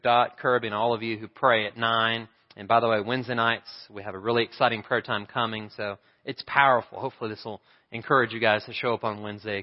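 A man's voice: medium pitch, big-room sound, muffled recording. A male pastor preaching a sermon, telling a story in a conversational way and putting questions to the congregation. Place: church sanctuary.

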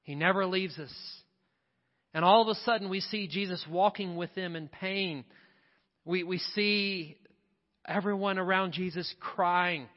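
A man's voice: high-pitched, a little slow. A man pastor delivering an impassioned sermon in a church, building to repeated refrains. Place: church sanctuary. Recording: dull audio with long hall reverb.

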